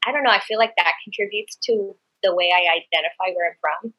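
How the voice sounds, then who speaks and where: A woman's voice: mid-range voice, fast, dull audio. A woman from the Bronx, a podcast guest talking conversationally, a bit nervous and full of "like" and "um". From the Bronx, New York. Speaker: podcast guest, business founder. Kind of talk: casual podcast interview.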